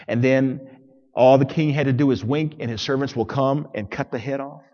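A male pastor preaching a sermon, dramatic, swinging between loud declarations and hushed passages. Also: mid-range voice, fairly even intonation, moderate pace, big-room sound, muffled recording.

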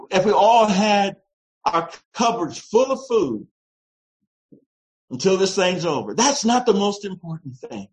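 A pastor delivering a sermon in a slow, emphatic style that swells into shouts. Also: medium pitch, low-quality recording.

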